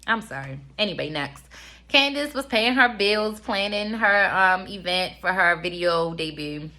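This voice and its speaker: 30s woman rambling thru a reality tv recap, bright forward voice, lots of "like". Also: medium pitch, animated, unhurried. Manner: chatty, rambling with many fillers. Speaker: reality TV reviewer. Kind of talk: casual commentary.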